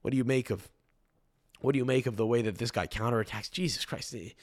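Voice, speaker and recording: A man's voice: medium pitch, fast talker. Rambling, profane male podcast host. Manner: rambling, profane, repeats and restarts phrases. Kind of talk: casual solo podcast chat.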